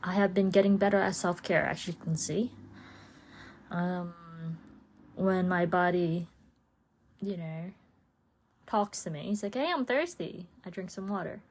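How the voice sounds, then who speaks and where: A woman's voice: fairly low pitch, fairly even intonation, unhurried, pauses often, a little hiss or hum. A woman hosting her own podcast in a casual, rambling solo chat, laughing often and slipping into playful voices for her own thoughts. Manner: chatty and rambling, with frequent laughs and playful inner-voice asides. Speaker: podcast host.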